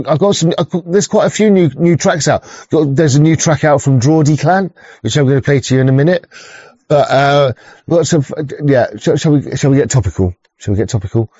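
Mellow and mid-pitched, a man runs a casual livestream, cursing freely, tripping over restarts and chuckling as he welcomes viewers. There's no room sound, and the audio is dull.

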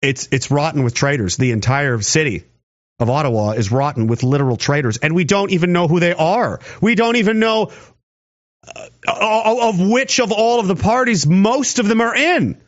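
A man's voice: fairly high pitch, moderate pace. A man from Canada ranting sarcastically about politics in an angry commentary. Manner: ranting, sarcastic, mocking voices. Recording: dull lo-fi audio.

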